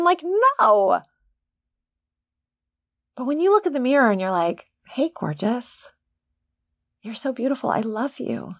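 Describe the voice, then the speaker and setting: Woman, middle-aged, podcast coach, chatty, animated, fairly high voice. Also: no room sound, studio quality. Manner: chatty, laughing, animated asides. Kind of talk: casual monologue.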